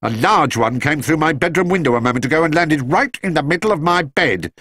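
A man's voice: fairly high pitch, expressive, brisk, fairly bright tone, no echo, clean studio sound, voice pushed up. A man voicing a grumpy, suspicious older neighbour who barks and grumbles at a young bear. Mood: grumbling. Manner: gruff, barking, suspicious.

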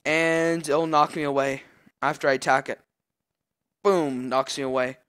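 A young man talks through his own match in a slightly high voice, rambling with fillers between plays. He gets loud and excited when the action heats up. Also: a little slow, clear, resonant tone. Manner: excitable, yelling at big plays, many fillers. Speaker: gameplay commentator. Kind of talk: live gameplay commentary.

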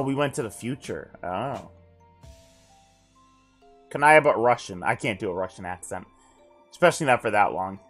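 Man streamer reading a text adventure aloud. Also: mid-range voice. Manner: joking asides between narration.

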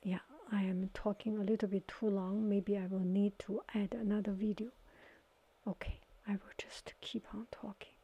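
A woman telling a story in a soft-spoken ASMR style, halting and searching for words, often slipping into a whisper. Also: medium pitch, flat delivery, husky, dull audio. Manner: partly whispered. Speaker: watercolor ASMR artist.

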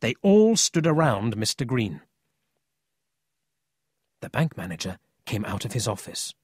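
A man narrating a children's storybook in a slow, expressive reading. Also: slightly rough, no room sound, studio quality. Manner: slow, expressive, lively pitch. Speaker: audiobook narrator.

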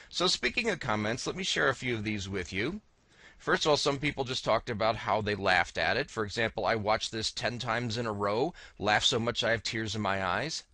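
A man narrating his own video diary in a wry, deadpan way, reading viewer comments aloud and now and then hamming up a silly voice for them. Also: lowish voice, dry recording.

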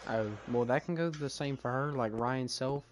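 A man's voice: mid-range voice, normal speed, a little hiss or hum. A young man hosting a casual let's-play, joking and bantering in slangy talk while he plays. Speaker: gameplay host.

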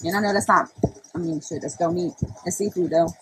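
A woman's voice: fairly low pitch, brisk, fairly bright tone, a little hiss or hum, poor audio. A young woman chatting on a live stream to her viewers, brash and profane, laughing often. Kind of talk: casual livestream chat to viewers.

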